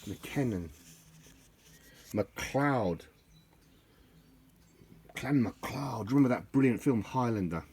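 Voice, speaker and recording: A man's voice: mid-range voice, lively intonation, slow pace, long pauses, darkish tone, breathy edge. A middle-aged man chatting casually and joking his way through an old book, laughing at his own jokes. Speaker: vlogger leafing through an old tartan book. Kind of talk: rambling casual chat.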